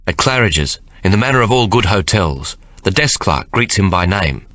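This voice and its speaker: A man reading a novel aloud as an audiobook narrator, measured and expressive. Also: deep voice, no echo, studio quality. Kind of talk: scripted narration.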